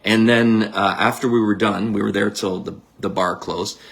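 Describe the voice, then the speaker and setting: A middle-aged man, a psychic medium leading a guided visualization talk in a blunt, energetic, casual coaching manner. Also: lowish voice, normal speed, vocal fry. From Canada.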